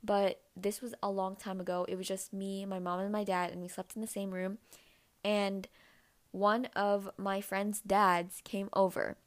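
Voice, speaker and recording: A woman's voice: flat delivery, a little slow. Chatty young woman telling a story. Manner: chatty, many "like" fillers, acts out quoted voices in a higher pitch. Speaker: podcast host. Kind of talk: casual personal storytelling.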